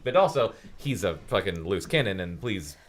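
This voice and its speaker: A man's voice: sits low, big pitch swings, normal speed, a little hiss or hum. A man co-hosting a comedy podcast, reading a novel aloud between sarcastic, profane asides.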